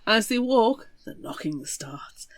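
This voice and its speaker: A woman co-hosting a book podcast, retelling a horror novel in a lively, swearing, dramatic way. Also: fairly high pitch, slow pace, no echo. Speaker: podcast co-host. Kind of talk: casual book recap chat.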